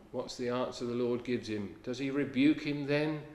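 A man preaches a sermon earnestly, quoting scripture in old-fashioned English and dropping to a hush on key lines. His voice is medium in pitch at a normal speed, with a roomy sound.

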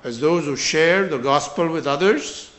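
A man preaching an earnest, urgent sermon, swinging between loud emphasis and quiet drops. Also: fairly high pitch, a little slow, echoey room. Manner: earnest, urgent exhortation with scripture quotations.

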